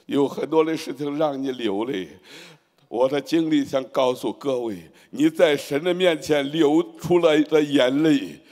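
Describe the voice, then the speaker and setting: A man's voice: fairly high pitch, unhurried, darkish tone. A man preaching a testimony with fervent, rising exclamations, in a large church hall. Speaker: guest preacher. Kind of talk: preaching in Chinese with interpreter. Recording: long church reverb.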